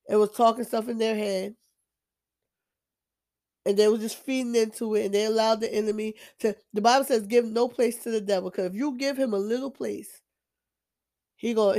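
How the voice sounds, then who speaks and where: A woman's voice: on the high side, brisk, darkish tone. A woman sharing her own faith testimony in a casual, preachy way, emphatic and repeating herself with frequent restarts. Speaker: Christian vlogger sharing testimony.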